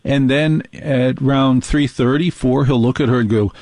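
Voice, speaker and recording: A man from New Jersey hosts a radio show and tells comic stories in a wry, joking way. His voice sits at a middle pitch and sounds dry and close, with no room echo. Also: steady tone, moderate pace, a little mellow. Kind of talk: casual radio chat, comic storytelling.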